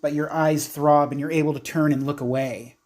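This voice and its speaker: A man narrating a tabletop horror game as game master, describing scenes in an unhurried way with frequent fillers. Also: on the high side, steady tone, darkish tone.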